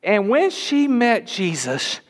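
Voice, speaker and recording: A man preaching a sermon in a church, emphatic and at times rising to shouts. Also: high voice, very animated, slow pace. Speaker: pastor.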